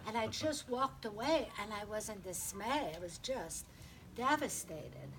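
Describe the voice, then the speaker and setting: A woman's voice: medium pitch, expressive, measured pace, a bit bright, soft background music, low-quality recording. A woman giving a heartfelt eulogy at a memorial, telling personal stories and laughing through the funny parts. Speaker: eulogy speaker.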